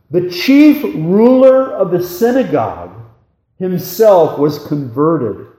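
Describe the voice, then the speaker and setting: A man preaching an expository sermon, reading scripture aloud with a deliberate, emphatic cadence. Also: a little high, mellow, roomy sound, low-quality recording.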